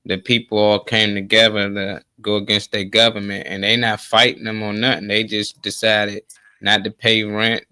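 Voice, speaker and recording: Laid-back low-voiced male host. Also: little pitch movement, normal speed, sharp tone, clear, resonant tone, no echo. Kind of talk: casual call-in chat.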